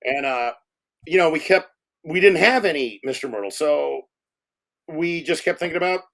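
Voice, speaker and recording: A man, a film director, telling animated anecdotes in a casual interview, swearing freely and acting out other people's voices. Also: on the high side, moderate pace.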